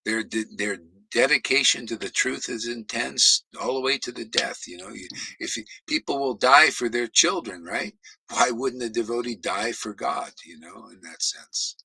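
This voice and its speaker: Male host, gravelly and bright, loose rambling talk, dry close sound. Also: mid-range voice, moderate pace, no echo, poor audio. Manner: rambling, animated, acts out quotes. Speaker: spiritual teacher. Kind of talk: casual chat.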